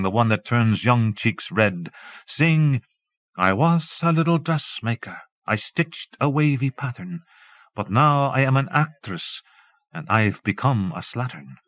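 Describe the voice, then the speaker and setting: A man with a fairly low voice reads an audiobook in a calm, measured literary manner. The sound is dry and close, with no room around it. The dull, lo-fi tone of an old cassette transfer hangs over every word. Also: dry recording. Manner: measured, even literary reading. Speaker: audiobook narrator. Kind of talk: scripted audiobook narration.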